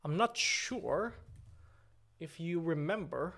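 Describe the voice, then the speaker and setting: A man's voice: fairly high pitch, lively intonation, slow, gravelly, fairly bright tone, heavily acted. A man playing a pompous, boastful, easily offended company boss on a comedic livestream, talking in an indignant, grandiose way.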